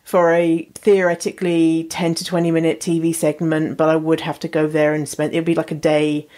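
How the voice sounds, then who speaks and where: A woman podcast host getting over a cold, her voice slightly husky, chatting frankly and laughing often. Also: low voice, completely flat delivery, a little fast, a little mellow. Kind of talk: casual podcast chat.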